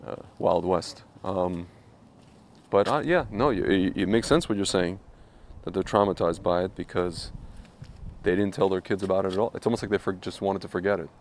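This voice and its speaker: A man's voice: sits low, moderate pace, slight background noise. A man co-hosting a podcast in casual chat, rambling with many fillers and restarts, now and then slipping into mocking voices when he quotes people. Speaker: podcast co-host.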